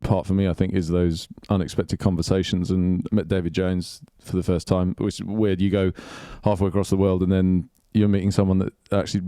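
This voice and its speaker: Guy on a golf podcast, dark mellow voice, kinda rambly and hesitant. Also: low-pitched, little pitch movement, a little fast, few pauses, smooth, dry recording, clean studio sound. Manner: rambling, hesitant, lots of fillers. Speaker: podcast guest, golf club director. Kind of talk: casual chat.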